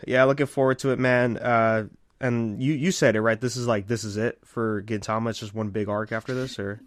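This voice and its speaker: A man co-hosting a casual podcast, talking in a relaxed, rambling way with lots of fillers. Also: mid-range voice, fairly quick, dry recording, clean studio sound. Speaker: podcast co-host.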